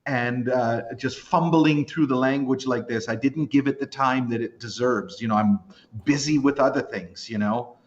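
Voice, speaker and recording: A man's voice: mid-range voice, normal speed, highs cut off. A man in his fifties from Canada, a podcast guest chatting casually, rambling and poking fun at himself. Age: 50s. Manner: rambling, self-deprecating, animated storytelling. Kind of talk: casual chat.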